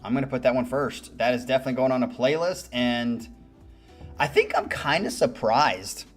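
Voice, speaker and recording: A man's voice: medium pitch, normal speed. A man hosting a music reaction channel, giving candid, musing commentary and swearing casually.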